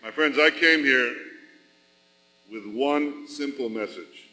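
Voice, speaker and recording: Speaking slowly and emphatically with rhetorical repetition, an Israeli national leader gives a formal, deliberate address to a rally in a large arena. His medium-pitched voice sounds pushed and bright, carried by long arena reverb over slight background noise.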